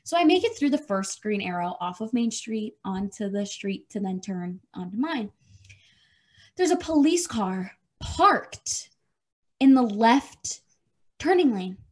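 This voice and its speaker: Animated, foul-mouthed woman telling a story. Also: on the high side, slow, pauses often. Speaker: podcast co-host. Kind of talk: casual chat.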